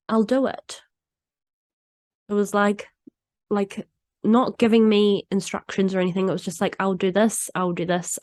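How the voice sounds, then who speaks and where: A woman's voice: mid-range voice, a little mellow, no echo. A woman hosting a solo podcast, talking candidly in a chatty way, often laughing and acting out what people said. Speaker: podcast host.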